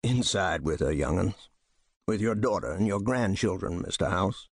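A man's voice: deep voice, lively intonation, normal speed, slightly rough, no room sound, heavily acted. A man voicing a wary frontier postmaster with a dry rural drawl.

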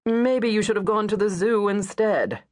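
A man's voice: high voice, normal speed, voice pushed up, natural voice. A woman reading an audiobook, voicing a smug, know-it-all London novelist who speaks with cutting confidence. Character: smug middle-aged London novelist, alpha male.

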